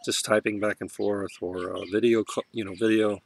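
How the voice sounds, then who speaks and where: Man, low voice, soft-spoken, emotional, halting restarts, heartfelt spiritual vlog. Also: level tone, creaky, a little hiss or hum. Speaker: vlogger.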